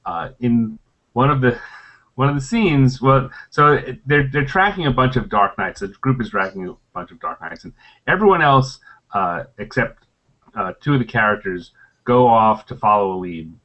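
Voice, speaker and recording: Middle-aged ex-game designer on a panel, mid-pitched, meandering anecdotes, dull lo-fi audio. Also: male voice, expressive, normal speed. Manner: rambling, with frequent fillers and restarts.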